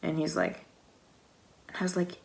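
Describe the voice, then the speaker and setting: A young woman from the US tells a long story in a rambling, chatty vlog style, her voice on the low side, sing-song, and marked by vocal fry. She speaks a little slowly, fills her talk with "like," and acts out quoted exchanges.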